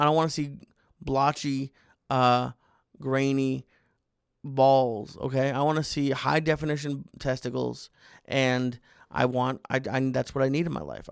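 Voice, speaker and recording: A man's voice: mid-range voice, gravelly, clear, resonant tone, no room sound, studio quality. A man hosting a comedy podcast, rambling through a monologue with restarts and mock exasperation. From United States. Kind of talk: comic monologue.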